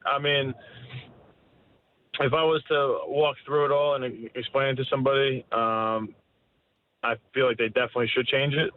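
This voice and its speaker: A man in his thirties, a fighter being interviewed, talking candidly with halting restarts. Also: mid-range voice, fairly even intonation. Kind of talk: casual interview answers. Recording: tinny phone line with faint noise.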